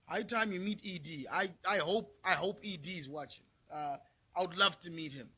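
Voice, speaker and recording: A middle-aged man from Zimbabwe, profane and heated, repeating himself as he rants to camera in a vlog. His voice sits high for a man, bright and a little husky. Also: moderate pace. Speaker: vlogger. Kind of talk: angry rant to camera.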